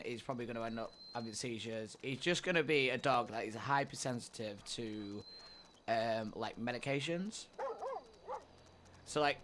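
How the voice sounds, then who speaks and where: A man streaming a roleplay game, chatting with his viewers in a relaxed, rambling way and swearing freely. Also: medium pitch, a little hiss or hum. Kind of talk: casual chat with viewers during a roleplay stream.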